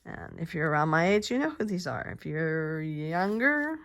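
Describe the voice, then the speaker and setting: A woman's voice: deep voice, sing-song, moderate pace. An older woman chatting in a meandering way while she crafts at home, with lots of fillers and restarts. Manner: soft-spoken, drops to murmurs while working. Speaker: crafting vlogger. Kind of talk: casual chat while crafting. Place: quiet home craft space.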